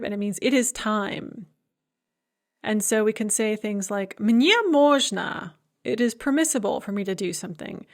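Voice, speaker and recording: A woman lecturer teaching a language lesson, explaining grammar step by step and slowing down to enunciate each example phrase. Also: fairly high pitch. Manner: explanatory, repeats key points. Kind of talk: recorded lecture.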